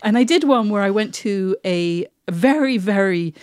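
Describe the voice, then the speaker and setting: A woman's voice: mid-range voice, expressive, normal speed, darkish tone, no room sound, clean studio sound. A middle-aged woman hosting a podcast, chatting casually and laughing as she trails off and restarts. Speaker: podcast host. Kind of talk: casual chat.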